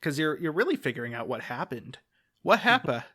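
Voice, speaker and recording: A man's voice: mid-range voice, sing-song, fast, fairly bright tone, slightly rough. A man co-hosting a podcast, chatting casually and enthusiastically, hedging often. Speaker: podcast co-host. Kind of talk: casual chat.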